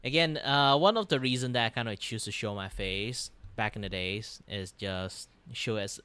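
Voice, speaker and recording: A young man from Malaysia with a Malaysian English accent, chatting casually on a livestream in an animated, rambling way, with many restarts and laughs. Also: fairly low pitch, normal speed, clean tone, no room sound. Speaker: VTuber streamer.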